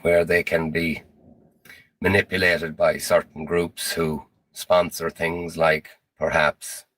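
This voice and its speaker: A man lecturing in a measured, grave way in a recorded monologue. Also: sits low, dry recording, poor audio.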